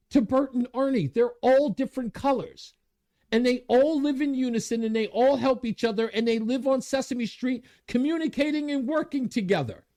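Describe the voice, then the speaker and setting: A man hosting his own show, talking in an excited, worked-up way and laughing at himself. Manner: worked-up, laughing at himself, big pitch swings. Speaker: radio show host. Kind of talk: animated commentary monologue.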